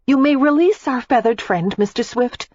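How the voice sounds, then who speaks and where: A woman doing a bright, breathless young heiress. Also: on the high side, moderate pace, dry recording, muffled recording, voice pushed up, natural voice. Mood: lively. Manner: breathless, lively and teasing. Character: spirited, playful young heiress. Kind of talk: audiobook character reading.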